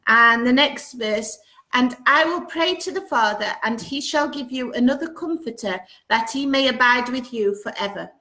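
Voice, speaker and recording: A woman's voice: a little high, normal speed, pushed and bright. A woman hosting a casual live-stream chat from home, greeting viewers one by one and reading out their comments. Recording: roomy echo.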